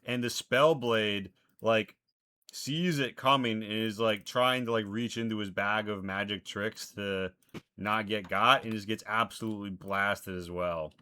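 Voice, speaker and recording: A man's voice: fairly low pitch, fairly even intonation, measured pace, bright, forceful tone, clear, resonant tone. A man running a tabletop game as game master, making casual rulings and narrating the action in loose slang.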